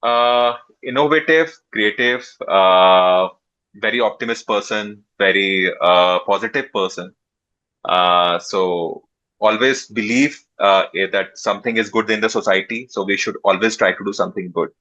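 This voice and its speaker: Man, interview guest, lowish voice, forceful bright tone, halting delivery, dull lo-fi recording. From India. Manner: halting, pauses often with drawn-out fillers. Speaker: startup founder, interview guest. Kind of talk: interview answers.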